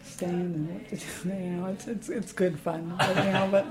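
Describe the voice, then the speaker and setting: A woman speaking casually in an interview about her choir, halting with many fillers and frequent laughs. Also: lowish voice, fairly even intonation, low-quality recording. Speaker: choir member.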